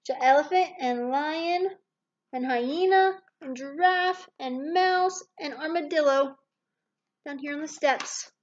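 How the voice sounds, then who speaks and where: Animated woman reading a picture book. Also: high-pitched, takes it slowly, highs cut off. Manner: animated, gasping, pointing things out. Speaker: storybook reader.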